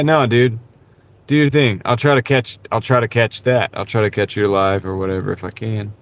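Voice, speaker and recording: Slightly low in pitch, a man streams live to his audience while gig driving, speaking casually from behind the wheel. A wireless clip-on mic captures his laid-back rambling, sprinkled with the occasional "dude."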